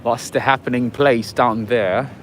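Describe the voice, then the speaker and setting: A chatty man livestreams from an old-town street at night, talking into a handheld phone. He greets viewers and answers their comments in an easygoing way, at a mid-range pitch. Jazz plays clearly nearby. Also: steady tone, unhurried, fairly bright tone. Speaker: livestream host. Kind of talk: casual live walking-tour chat. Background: jazz music playing nearby.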